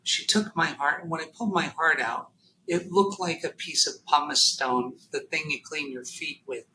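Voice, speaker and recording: Halting, emotional man with a bright voice. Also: a little high, slight background noise, poor audio. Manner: halting, emotional, full of fillers and restarts. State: near tears. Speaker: podcast guest. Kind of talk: personal storytelling in an interview.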